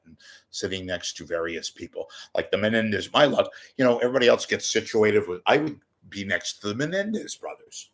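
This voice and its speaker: A commentary vlogger with a lowish, slightly bright voice talks to the camera from a home room, a TV monitor behind him. He rambles and jokes, swears, drifts off into asides and occasionally bursts into silly voices.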